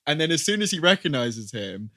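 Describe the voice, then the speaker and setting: A man's voice: a little high, big pitch swings, a little fast, bright, forceful tone. A man co-hosting a casual podcast, retelling scenes eagerly, laughing often and finishing his co-host's sentences. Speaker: podcast co-host.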